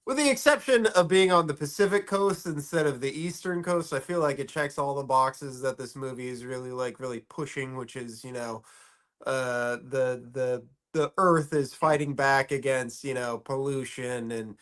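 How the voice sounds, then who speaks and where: A man's voice: medium pitch, normal speed, a bit bright. A man co-hosting a podcast in casual chat, giggly and rambling with lots of fillers. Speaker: podcast co-host.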